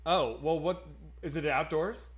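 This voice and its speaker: A man's voice: fairly high pitch, a little slow, breathy edge. Laid-back man on a casual stream. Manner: laughing, loose, swears casually. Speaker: streamer co-host. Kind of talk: casual chat.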